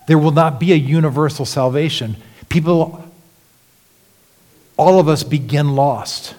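Preaching a sermon with earnest conviction, this male pastor speaks a little slowly in a somewhat high voice. He moves between near-whispered phrases and emphatic, rising appeals, and the church sanctuary lends a long reverb.

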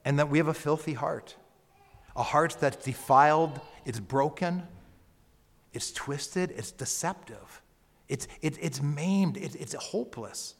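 Male pastor, slightly high voice, preaching a sermon, soft near-whispers and loud calls, long hall reverb. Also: unhurried, vocal fry. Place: church sanctuary.

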